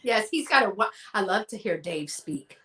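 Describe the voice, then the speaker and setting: A woman's voice: medium pitch, expressive, moderate pace, bright, forceful tone. A woman from Texas with a Southern accent, chatting casually in a live stream and laughing often. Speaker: guest collector.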